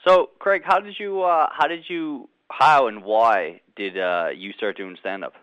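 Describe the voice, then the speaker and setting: A man's voice: medium pitch, unhurried, fairly bright tone, smooth, no echo. A young man with a slight Canadian accent, hosting a radio interview and tripping over his words as he starts his questions. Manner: stumbling, repeating words as he starts. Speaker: radio host.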